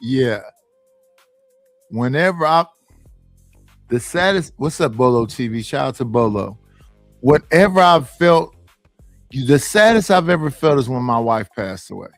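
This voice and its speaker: A man's voice: mid-range voice, lively intonation, unhurried, pauses often, no room sound, soft background music. A man talking casually on a podcast panel, blunt, profane and emphatic. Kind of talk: casual chat.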